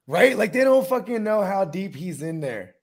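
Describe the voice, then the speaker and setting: Lively raspy man with a gravelly edge. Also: high-pitched, moderate pace. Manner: animated, acts out movie scenes with mobster voices. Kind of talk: casual chat.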